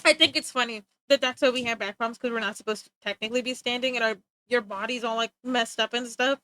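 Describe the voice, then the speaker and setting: A woman livestreaming while she draws, chatting in an animated, joking, self-mocking way and laughing easily. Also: fairly high pitch, fast talker, no echo, poor audio. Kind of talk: casual stream chat while drawing.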